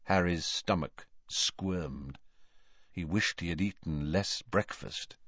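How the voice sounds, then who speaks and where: A man narrates a storybook in a low voice. He reads slowly and expressively, with lots of melody. The recording is dry and a touch dull. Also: a bit bright, no room sound. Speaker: audiobook narrator. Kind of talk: scripted narration.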